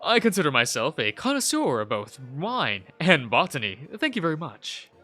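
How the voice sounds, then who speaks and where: A man's voice: on the high side, wildly swooping pitch, moderate pace, pushed and bright, soft background music, pitched above the performer's own voice, heavily acted. A man voicing a pompous, self-assured man who prides himself on knowing wine and plants. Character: refined man, connoisseur of wine and botany.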